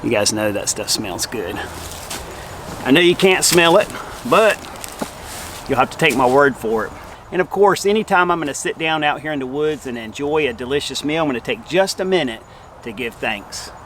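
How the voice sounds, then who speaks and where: A man's voice: mid-range voice, expressive, moderate pace, background noise. A man hosting a casual outdoor camp cooking show, talking to viewers in a folksy, friendly way while outdoors in the woods.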